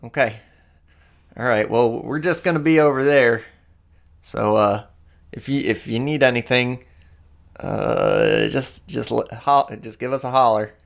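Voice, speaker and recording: A man voicing a small, flustered woman traveler who stammers apologies quickly. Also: medium pitch, creaky. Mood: wary.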